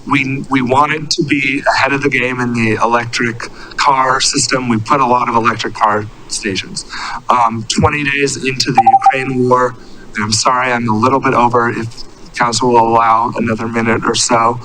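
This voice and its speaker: A man in his thirties giving an earnest, halting public comment at a city council meeting, speaking into a podium microphone. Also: medium pitch, flat delivery, background noise. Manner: earnest, halting, searching for words. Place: council chamber.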